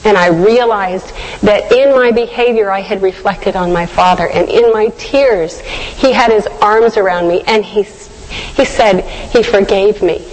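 A woman delivering a devotional sermon with an earnest, reflective tone. Her voice sits in an ordinary middle pitch. It carries a long reverb, as in a large hall. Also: darkish tone. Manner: earnest storytelling, slow and reflective. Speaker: devotional speaker. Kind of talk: sermon with personal story.

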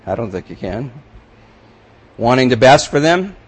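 A male pastor delivers a sermon at a medium pitch. He reads scripture aloud with building emphasis, then drops into quiet, conversational asides to his congregation. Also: big pitch swings, unhurried, husky, rough recording.

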